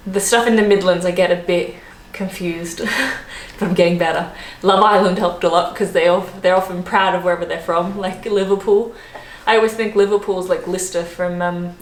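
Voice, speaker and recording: An Australian woman in her thirties chatting casually to camera in a vlog, animated and quick to laugh. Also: fairly low pitch, a little hiss or hum. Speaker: travel vlogger. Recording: roomy echo.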